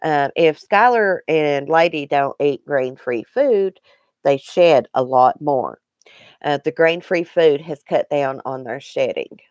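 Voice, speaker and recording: A woman's voice: low-pitched, animated, takes it slowly, a little mellow, no echo, clean studio sound. A middle-aged woman from Southwest Virginia with a Southern Appalachian accent, chatting folksily with her live viewers and calling them by name. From Southwest Virginia, grew up partly in Eastern Kentucky. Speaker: livestream host. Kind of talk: casual chat with live viewers.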